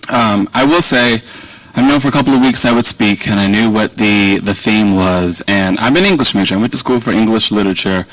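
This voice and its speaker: A man with a faint Southern accent speaks to a live audience in a lowish, easygoing voice. He rambles warmly and pokes fun at himself. The sound is dry, caught by a microphone set back from him. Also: brisk, dry recording, distant mic, poor audio. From Virginia, US. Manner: rambling, self-deprecating, chatty. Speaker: keynote speaker. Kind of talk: conversational speech to an audience.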